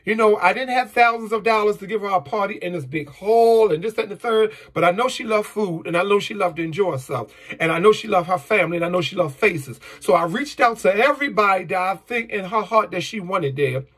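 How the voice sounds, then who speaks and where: A man in an emotional personal monologue, blunt, profane and emphatic, with a husky voice. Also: high voice, brisk, few pauses, fairly bright tone. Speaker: vlogger.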